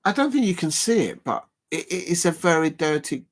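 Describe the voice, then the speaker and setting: A man's voice: fairly high pitch, sing-song, brisk. A man hosting a casual live stream watch-along, rambling and chuckling as he chats to viewers.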